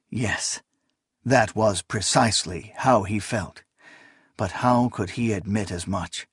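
A man reading an audiobook in steady, unhurried scripted narration. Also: fairly low pitch, breathy edge, dry recording, studio quality.

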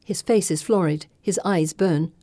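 A woman reading a first-person novel with measured, dramatic narration. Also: fairly low pitch, dark tone, no echo. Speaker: audiobook narrator.

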